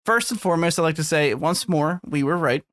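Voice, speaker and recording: A man chatting on a podcast, crude and jokey, rambling from one thought to the next. His voice sits on the high side. The sound is dry and close, with no room echo. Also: brisk, a bit bright. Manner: crude, joking, rambling, laughs often. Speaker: podcast co-host. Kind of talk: casual chat.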